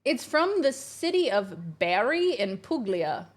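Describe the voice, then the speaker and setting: A woman's voice: fairly high pitch, sing-song, slow. A woman streamer chatting casually and bubbly with her live chat from home while planning her week. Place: home, kitchen.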